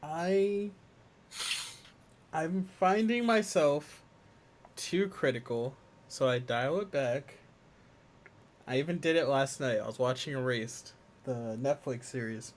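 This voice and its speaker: Animated man chatting on a podcast. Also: measured pace. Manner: animated, swings from low mumbles to loud exclamations. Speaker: podcast co-host. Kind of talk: casual chat.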